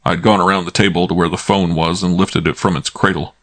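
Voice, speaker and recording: Male audiobook narrator, low voice, brisk and wry first-person read. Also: steady tone, a bit bright.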